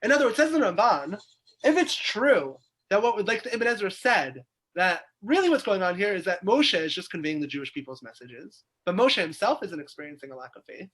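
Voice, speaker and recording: A man's voice: sits high, sing-song, fairly quick, fairly bright tone. A man, teaching a weekly Torah class as a rabbi over a video call, explaining by asking questions aloud. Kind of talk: lively text study lecture.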